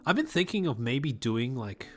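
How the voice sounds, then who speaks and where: At normal speed and medium pitch, this young Australian livestreamer sounds sing-song and a little mellow, with a polished accent. Casually reading chat, he rambles, laughs frequently, repeats words at the start of sentences, and pronounces everything crisply.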